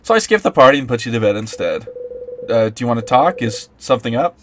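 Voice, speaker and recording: A man's voice: mid-range voice, lively intonation, fast talker, background noise, lightly acted. A man voicing a young woman roommate who talks in a hesitant, apologetic way, over background music. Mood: concerned.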